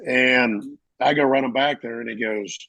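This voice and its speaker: A middle-aged man, a veteran, telling his service stories casually and acting out the shouted lines of others. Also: mid-range voice, moderate pace, gravelly, no room sound, rough recording. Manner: animated, acts out shouted quotes. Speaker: veteran interviewee. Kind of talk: casual storytelling.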